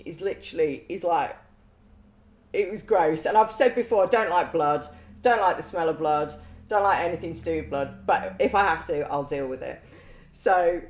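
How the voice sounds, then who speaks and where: A woman's voice: lowish voice, a little mellow. A middle-aged woman, a former prison governor telling anecdotes in conversation, blunt, swearing freely and laughing through her stories. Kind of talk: storytelling in conversation. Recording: roomy echo.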